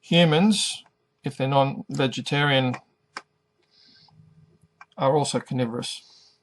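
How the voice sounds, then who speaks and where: A middle-aged man teaching an English lesson, pronouncing each word carefully and deliberately. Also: mid-range voice. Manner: careful, over-articulated pronunciation. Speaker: ESL teacher.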